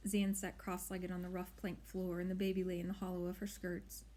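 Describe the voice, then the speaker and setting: A woman narrating an audiobook in a measured, expressive storytelling way. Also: lowish voice. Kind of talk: audiobook reading.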